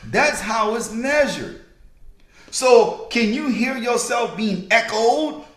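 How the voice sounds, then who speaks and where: Male podcast host, high voice, slow and sermon-like, echoey room. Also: a bit bright. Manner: preacher-like, repeats key lines slowly for emphasis. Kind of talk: motivational podcast talk.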